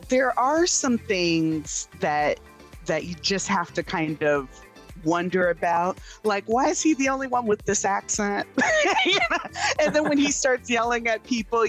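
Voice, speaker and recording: A woman film critic reviewing a series in casual chat, animated and laughing, with plenty of fillers. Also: mid-range voice.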